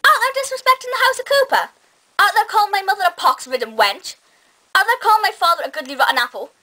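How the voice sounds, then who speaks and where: A woman's voice: very high-pitched, animated, quick pace, sharp tone, voice pushed up, full character voice. A woman voicing a mouthy teenage schoolgirl who chants mock-Shakespearean lines in a brash, repetitive sing-song. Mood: brash defiant.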